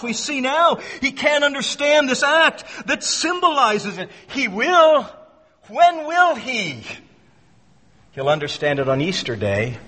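High bright-voiced pastor guy preaching, kinda husky, big echoey church hall. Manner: emphatic, repeats phrases, acts out quoted voices. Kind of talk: sermon.

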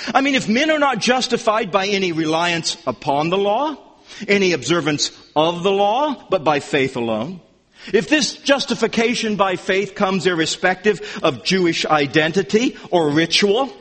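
Preacher, male, higher voice, lively delivery, long church-hall echo. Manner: animated, emphatic, rising to near-shouts for questions. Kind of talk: expository sermon. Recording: reverberant hall.

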